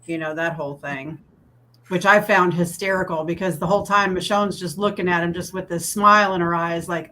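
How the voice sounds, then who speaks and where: A woman co-hosting a casual fan podcast, chatty and quick to laugh as she goes through her slides. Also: lowish voice, fairly even intonation, pushed and bright, slight background noise. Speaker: podcast co-host.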